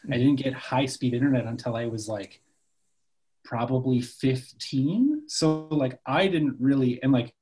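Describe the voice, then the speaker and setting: A man's voice: medium pitch, unhurried, a little mellow, poor audio. A man from Canada chatting casually as a podcast guest, loose and profane, full of "like" and "sort of.". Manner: loose, swears freely, lots of "like" and "sort of".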